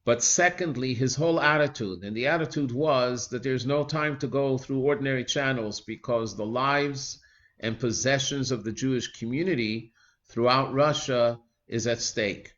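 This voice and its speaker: A man retelling a religious teaching story in a measured, earnest way, pausing often with small fillers. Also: medium pitch, a bit bright, lo-fi sound.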